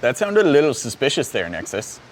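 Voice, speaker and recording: A man chats casually as a tabletop player, loose and joking with plenty of fillers. His pitch swings about a lot, and a faint hiss sits behind him. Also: big pitch swings, fairly quick. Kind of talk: casual game chat. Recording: faint background noise.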